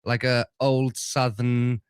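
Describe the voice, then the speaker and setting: A man's voice: mid-range voice, little pitch movement, takes it slowly, clear, resonant tone, no echo. A man co-hosting a casual chat, mostly giving short replies with some dry teasing. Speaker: streamer co-host.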